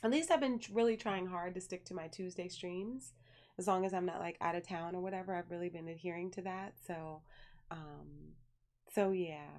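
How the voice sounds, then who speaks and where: Chatty young woman streamer. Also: lowish voice. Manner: chatty, animated storyteller who reads viewer messages aloud. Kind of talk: casual live-stream chat.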